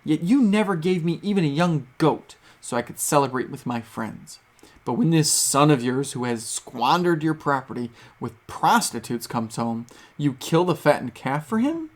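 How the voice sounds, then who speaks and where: A man's voice: on the high side, animated, moderate pace. A man reading as a resentful older son. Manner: earnest read-aloud delivery.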